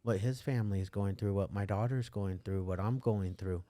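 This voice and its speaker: Middle-aged guy, really low voice, chatting on a podcast, rambles and restarts a lot. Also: moderate pace, dark tone. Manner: candid, rambling with many restarts. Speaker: podcast host. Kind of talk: casual conversation.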